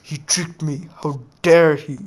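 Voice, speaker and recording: A man voicing a proud, bitter ancient warlord, speaking lower and quieter than his narration. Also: steady tone, slow pace. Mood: grave.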